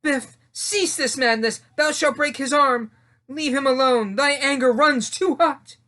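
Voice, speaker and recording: A man voicing a frightened teenage girl in a home reading of a mock-Shakespearean play, in a pleading falsetto. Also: measured pace, sharp tone, full character voice. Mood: alarmed. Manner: pleading, high-pitched falsetto.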